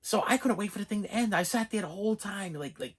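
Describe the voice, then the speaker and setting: Talking fast in a husky voice that sits high, this middle-aged man vlogs about movie collecting, spinning a long personal story to camera. His animated, casual rambling keeps repeating itself and restarting sentences.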